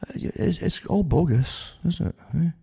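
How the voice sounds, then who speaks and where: A man's voice: a little high, moderate pace, creaky, dark tone, husky. An older man hosting a talk radio show, rambling with many restarts and sarcastic asides that end in "eh?".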